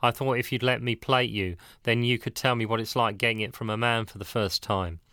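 A man's voice: mid-range voice, fairly even intonation, fairly quick, bright, forceful tone, no room sound, studio quality. A man voicing a persuasive, scheming writer in a spoken novel, coaxing and calculating. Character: scheming male writer and band manager, persuasive.

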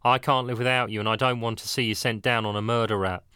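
A jealous, possessive young man from an audiobook, as the reader puts him on, his voice bright and pushing. He swings from pleading to angry demands. The sound is close and dry. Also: mid-range voice, little pitch movement, fast talker, clear, resonant tone, dry recording, natural voice.

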